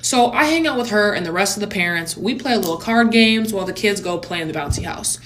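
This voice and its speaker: A young adult woman telling a story in a vlog, animated and blunt, with sassy asides. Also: medium pitch, fast talker.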